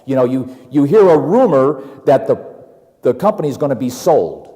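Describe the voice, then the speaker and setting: A man's voice: mid-range voice, big pitch swings, normal speed, dark tone, in a large hall. A middle-aged man preaching a sermon in a folksy way, acting out worried voices and chuckling at his own examples.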